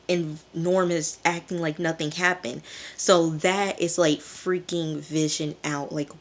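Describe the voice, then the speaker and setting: Chatty woman with a low-pitched voice. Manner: chatty, rambling, with frequent fillers. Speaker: TV reviewer. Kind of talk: casual recap and review. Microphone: phone camera held in hand.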